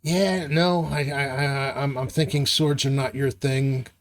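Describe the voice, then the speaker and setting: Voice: medium pitch, fairly even intonation, natural voice. A game master doing a nervous, stammering gummy bear. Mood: hesitant. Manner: halting, stammering, repeats words. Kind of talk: voicing a character in a live tabletop game.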